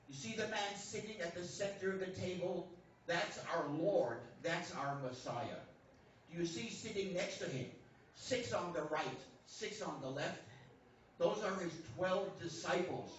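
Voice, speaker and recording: A man preaching from a church stage, telling a story in short lines and acting out the characters' dialogue, paced for an interpreter. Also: high voice. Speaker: guest speaker. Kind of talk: sermon storytelling with translation. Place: church sanctuary. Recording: echoey church hall, distant mic, dull lo-fi, faint hum.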